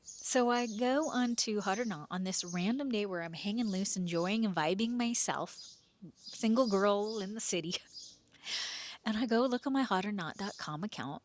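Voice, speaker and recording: A woman in her forties tells her own story on her podcast in a loose, chatty way. Her voice sits in a middle pitch, jumps up when she quotes herself, and drops to a near whisper for asides. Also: slight background noise. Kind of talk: casual personal storytelling.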